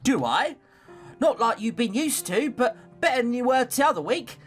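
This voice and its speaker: Scrappy young maid girl with a shaky Northern accent, done by a player, lively pitch, faint music. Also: normal speed, close to an everyday voice. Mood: homely. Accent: put-on Northern English. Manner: homely, plain-spoken. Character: cheerful poor scullery maid girl.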